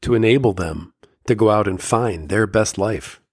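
A middle-aged man hosting a solo podcast, talking earnestly and emotionally in slow, measured phrases, firm and lecturing at times. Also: on the low side, slightly rough, no room sound, studio quality. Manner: firm and lecturing about fatherhood. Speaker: podcast host.

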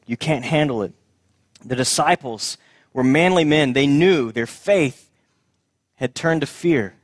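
A man preaching a sermon as pastor, earnest and repeating his key phrases, dropping soft and low at tender moments. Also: no room sound, clean studio sound.

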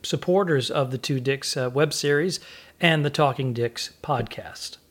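A man's voice: mid-range voice, a little slow, fairly bright tone. A man co-hosting a comedy podcast in casual chat, making jokey, playful asides. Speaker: podcast co-host.

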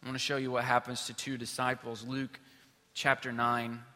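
In a reverberant hall, a man in his thirties, a pastor, delivers a sermon with a mid-range, sharp voice that is completely flat at a moderate pace. He tells casual, self-deprecating stories about himself, filling them with plenty of fillers.

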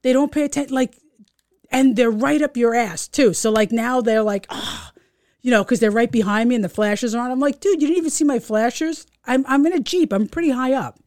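A middle-aged New woman spins a story on a podcast, animated and salty, acting out every voice along the way. Her voice sits a little high. The recording is dry and close. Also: a little fast, no echo. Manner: animated, swearing, acts out voices. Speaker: podcast co-host. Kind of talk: casual storytelling chat.

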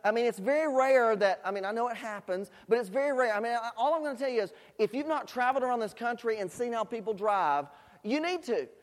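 A man's voice: very high voice, lively intonation, quick pace. A man preaching a sermon, telling folksy stories with asides to the congregation. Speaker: pastor. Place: church sanctuary. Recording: long hall reverb in a church.

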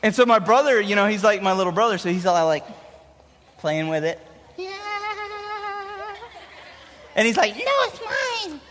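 Thirties male youth pastor, high bright voice, lively sermon delivery. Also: fast, a faint crowd, a little hiss or hum. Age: 30s. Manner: animated storytelling. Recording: long hall reverb.

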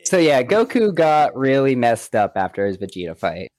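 A man co-hosting a casual podcast, recapping episodes in an animated way and often slipping into quoted lines. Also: mid-range voice, moderate pace, dry recording. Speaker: podcast co-host.

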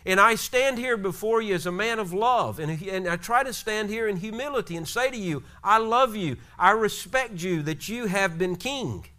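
A preacher speaking as a humble young shepherd king, earnest and pleading. The voice sits high and sounds bright and forceful. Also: lively intonation, moderate pace, hardly any pauses.

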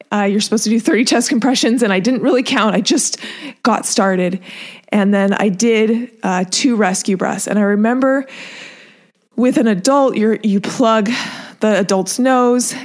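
Earnest woman sharing a personal story. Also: medium pitch. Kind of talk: personal testimony.

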